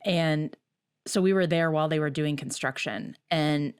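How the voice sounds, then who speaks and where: A woman co-hosting a casual chat, laid-back, blunt and quick to joke. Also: sits low, clear, resonant tone. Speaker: real estate co-host.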